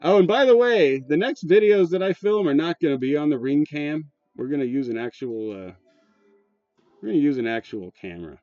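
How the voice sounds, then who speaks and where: A man's voice: fairly high pitch, animated, a little fast, mellow, no room sound. Rambling, profane man on lo-fi audio. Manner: rambling, profane, with frequent fillers and restarts. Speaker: channel host. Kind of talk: casual rambling commentary. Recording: dull lo-fi sound, dry, faint music.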